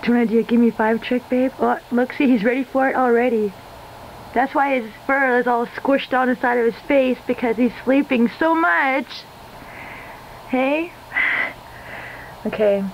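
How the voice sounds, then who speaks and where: High-voiced woman cooing to her cat. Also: steady tone, normal speed, muffled recording, a little hiss or hum. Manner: cooing, doting talk to her cat, laughs often. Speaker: vlogger and cat owner. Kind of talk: casual home-video vlog. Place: hotel room.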